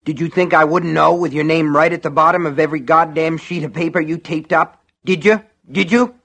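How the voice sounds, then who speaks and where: A furious, paranoid man bellows accusations and threats in a high, strained voice, as a male audiobook narrator puts him on. He sounds cornered and vengeful, his shouts cracking upward. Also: steady tone, a little fast, gravelly. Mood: accusing. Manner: shrill, ranting, shouting. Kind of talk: audiobook character voice.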